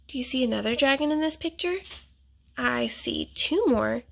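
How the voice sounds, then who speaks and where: A woman reading a picture book aloud to children, gently asking them questions with soft whispered asides. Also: on the high side, normal speed, creaky.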